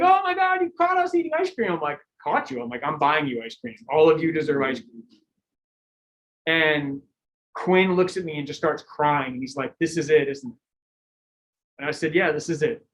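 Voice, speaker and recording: A man's voice: fairly high pitch, poor audio. Middle-aged man telling coaching stories. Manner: animated storytelling, acting out quotes, laughing. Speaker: cycling coach giving a lecture. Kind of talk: lecture with anecdotes.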